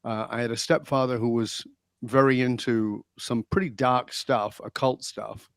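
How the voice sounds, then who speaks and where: In a storytelling interview, an English podcast guest in middle age recounts his life with animation, performing remembered quotes. His mid-range voice is unhurried, and the sound is clean with no echo.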